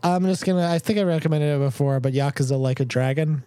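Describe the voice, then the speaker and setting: Higher-voiced, mellow male co-host. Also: fast, clear, resonant tone, no room sound. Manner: enthusiastic, jokey. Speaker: podcast co-host. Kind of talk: casual chat.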